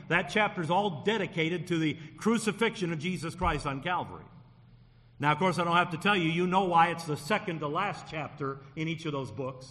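Man, pastor, earnest sermon, high voice, long hall reverb. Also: fairly bright tone. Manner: earnest preaching, repeats phrases while building a point.

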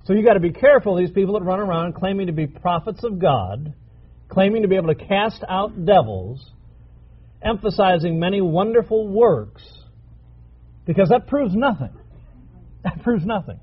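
A man's voice: high voice, slightly rough, narrow, tinny audio. A male preacher giving a sermon, emphatic and repeating key phrases for stress.

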